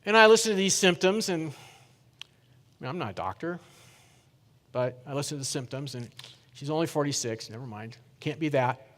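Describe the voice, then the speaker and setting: A middle-aged man giving a keynote talk, telling a story in a lively way and putting questions to the audience. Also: a little high, moderate pace, pauses often. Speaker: keynote speaker. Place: conference hall. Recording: reverberant conference hall.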